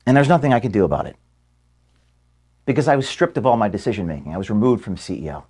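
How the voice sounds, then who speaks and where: A man, the founder of an organization, giving an earnest, measured farewell statement to his staff from an office room. He speaks steadily, then grows quieter and halting when moved. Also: lowish voice, animated, slightly rough.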